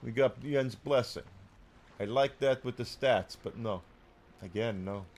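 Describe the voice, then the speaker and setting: A man's voice: medium pitch, measured pace, darkish tone. A man live-streaming a game, chatting casually and rambling to his chat between plays. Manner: rambling, chatty, talks to chat while playing.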